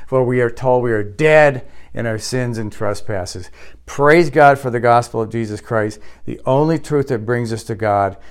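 A man's voice: normal speed, clear, resonant tone. A male pastor delivering a sermon, emphatic and rising sharply on questions and quotes. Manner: closes in a quiet, low prayer.

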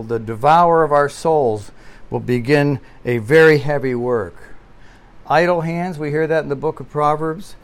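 A man with a somewhat high voice preaches a sermon from a church pulpit. He pushes hard on key words, then drops to quiet asides. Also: a little slow, clear, resonant tone. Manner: emphatic preaching with swings between loud and quiet. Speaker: pastor.

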